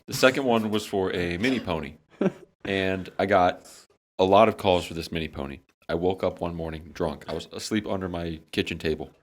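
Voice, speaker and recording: Low, blunt young man spinning crude stories. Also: brisk. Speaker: podcast co-host. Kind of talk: casual chat.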